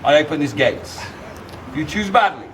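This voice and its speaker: A man performs a comic costumed show at a castle gate, teasing the audience and leading shouted battle cries. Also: on the high side, expressive, moderate pace. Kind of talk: live comic crowd-work show. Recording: distant handheld recording with loud wind. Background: crowd of visitors and wind noise.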